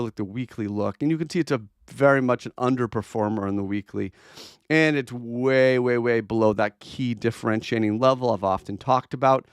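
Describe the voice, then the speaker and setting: A man's voice: medium pitch, clear, resonant tone, dry recording, clean studio sound. A man hosting a crypto trading livestream, chatting casually and bluntly as he answers viewer requests, with plenty of fillers and restarts. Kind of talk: casual livestream chart commentary.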